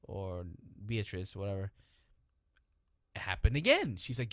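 Casual podcast co-host, male, animated and swearing freely, dry close-mic sound. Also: mid-range voice, no room sound. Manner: animated, profane, restless, quick to interrupt. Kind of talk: casual chat.

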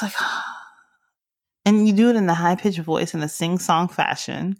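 A young woman hosting a podcast, chatting casually in a giggly, teasing, animated way. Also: fairly low pitch, unhurried. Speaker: podcast host. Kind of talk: casual chat.

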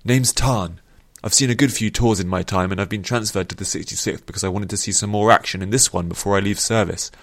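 A man voicing a calm, steady older male soldier. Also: lowish voice, fast, few pauses, no room sound. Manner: remarkably calm.

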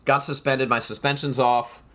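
A man's voice: medium pitch, flat delivery, moderate pace, fairly bright tone. A man hosting his own solo podcast, talking in a rambling, emphatic way and often turning to the listeners as "folks". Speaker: podcast host.

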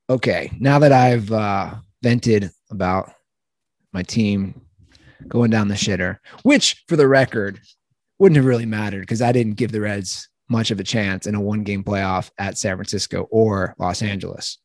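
A man's voice: on the low side, normal speed, dry recording, studio quality. A man co-hosting a casual sports podcast, rambling and opinionated, often tripping over his words. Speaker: podcast co-host.

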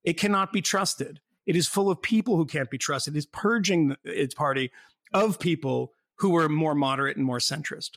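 Gravelly, sardonic man talking politics. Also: fairly high pitch, normal speed, a bit bright, no echo, studio quality. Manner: rambling, sardonic, laughs often. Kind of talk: casual political chat.

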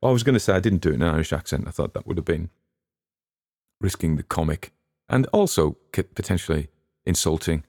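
A man hosts his own show in a loose, rambling way. His voice sits very low with a gravelly rasp, and he often trails off and restarts his sentences. The recording is dry and close, with no room echo. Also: animated, quick pace, a little mellow. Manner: chatty, musing, with many restarts. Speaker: podcast host. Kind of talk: casual rambling commentary.

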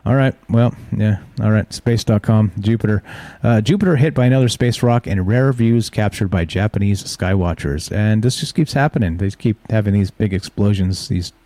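A man's voice: lowish voice, moderate pace, dark tone, no room sound. A man hosting a casual live stream, reading news headlines aloud and adding offhand asides. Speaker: show host.

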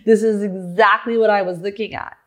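Woman, business coach, solo podcast monologue, animated, frequent restarts. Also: medium pitch, fairly quick. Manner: animated, acts out her own past questions; restarts and repeats words often.

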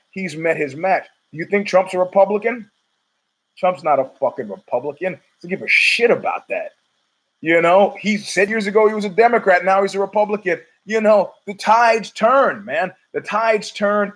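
A man's voice: on the high side, low-quality recording. A middle-aged man hosting a podcast, rambling through a profane, opinionated monologue full of restarts. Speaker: podcast host.

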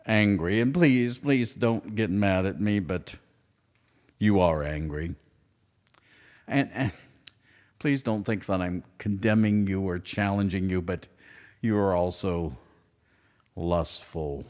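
A middle-aged man hosting a podcast, delivering an animated comic monologue that swings from loud outbursts to hushed asides. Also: fairly low pitch, slow pace, long pauses. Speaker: podcast host.

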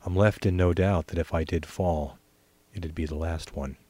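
A man reading a first-person short story in a wry, deadpan way. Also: low voice, moderate pace, husky, no echo. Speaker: story reader.

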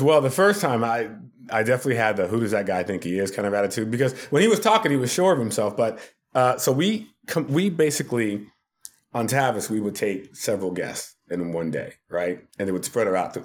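A man, a podcast guest, telling funny stories from his work in a casual, animated way, often laughing. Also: medium pitch, brisk. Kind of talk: casual storytelling.

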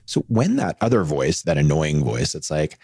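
A man's voice: very deep voice, very animated, normal speed, darkish tone, husky, no room sound, studio quality. A man hosting a podcast interview, reflective and affirming, thinking aloud as he talks. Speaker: podcast host.

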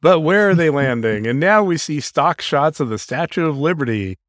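A man's voice: on the high side, expressive, moderate pace, dry recording, studio quality. A man co-hosting a podcast, casually recapping an episode scene by scene and laughing often as he goes. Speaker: podcast co-host.

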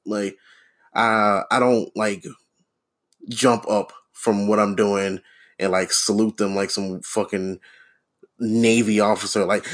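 Deadpan man on a profane solo rant. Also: fairly low pitch, measured pace. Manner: profane, rambling, sardonic, many fillers and restarts. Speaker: podcast host.

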